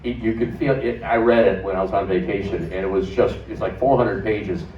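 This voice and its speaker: Older man, lowish voice, reminiscing on stage, roomy echo, distant mic. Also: fairly quick, a little mellow, slight background noise. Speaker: former radio host. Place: stage at a music club. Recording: echoey, dull, from far off.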